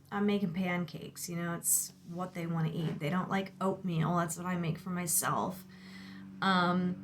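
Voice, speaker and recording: A woman's voice: medium pitch, fairly bright tone, slight background noise. A woman in her thirties venting in a rambling, casual monologue about her kids, exasperated and filler-heavy. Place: outdoors near a lawnmower.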